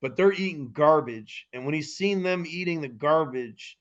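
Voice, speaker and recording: A man co-hosting a casual podcast chat, animated and acting out the scenes he retells. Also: fairly high pitch, moderate pace, dull audio. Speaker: podcast co-host.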